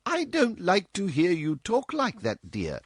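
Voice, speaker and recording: A man voicing a gentle, proper older mother who speaks slowly and earnestly. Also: high-pitched, big pitch swings, gravelly, no echo, clean studio sound, voice pushed up, heavily acted. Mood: gently reproving. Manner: slow, earnest, mildly reproving.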